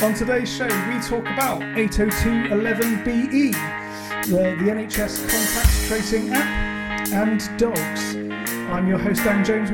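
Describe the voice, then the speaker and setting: A man with a fairly high voice opens and hosts a casual podcast, upbeat and laughing easily. Music plays clearly behind him. He talks over a video call. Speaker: podcast host.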